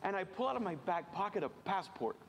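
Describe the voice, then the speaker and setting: A man from rural Virginia shares a self-deprecating story with a church crowd. His voice sits a touch high and carries a gravelly fry, and he keeps pulling the audience in with questions. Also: big pitch swings, fast, a little hiss or hum. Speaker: missions speaker.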